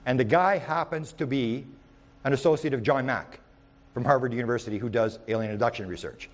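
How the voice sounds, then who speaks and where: Male lecturer with an average pitch who tells rambling anecdotes in the present tense and often restarts. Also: a little fast. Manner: rambling, with frequent restarts and repeated words; animated storyteller who speaks in the present tense. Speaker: UFO researcher giving a talk.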